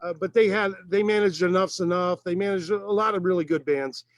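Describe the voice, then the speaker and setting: A man's voice: high voice, a little fast. A man in a band speaking earnestly, with stumbling restarts. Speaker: band musician. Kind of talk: casual interview talk.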